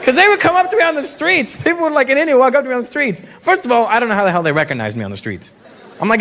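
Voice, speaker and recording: A man from Canada doing stand-up with a high, lively voice, telling animated stories. A loud crowd and heavy noise fill the live recording. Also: very fast. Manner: animated storytelling, profane, voices quotes. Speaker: stand-up comedian. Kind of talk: stand-up comedy. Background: laughing crowd.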